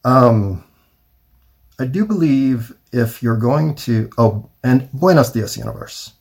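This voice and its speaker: A man rambling through a wry, self-mocking solo monologue, thinking aloud with pauses. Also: mid-range voice, animated, husky. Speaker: vlogger.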